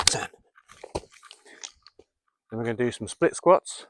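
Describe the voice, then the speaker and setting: A man's voice: mid-range voice, slow pace, pauses often, very noisy. A man leading an outdoor workout in the woods, coaching viewers through exercises and counting reps aloud. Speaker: fitness vlogger.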